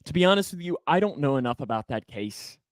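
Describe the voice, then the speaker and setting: A man co-hosting a sports podcast who jokes a lot and gets animated, his voice jumping upward when he gets excited. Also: quick pace, no room sound, clean studio sound. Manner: animated, jokey, pitch jumps up when excited. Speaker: podcast co-host. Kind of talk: casual sports chat.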